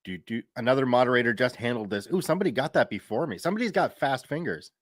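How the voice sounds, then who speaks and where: A man's voice: mid-range voice, lively intonation, fast talker, no echo. Chatty man in his thirties, dry mic. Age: 30s. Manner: chatty, reads viewer comments aloud, laughs easily. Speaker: streamer and story reader. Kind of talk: casual live-stream chat.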